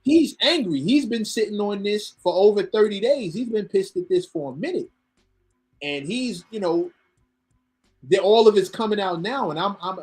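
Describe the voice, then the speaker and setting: A man, a podcast guest, telling a story in casual talk, animated and swearing freely, often repeating his words. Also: sits high, normal speed, husky, faint music behind.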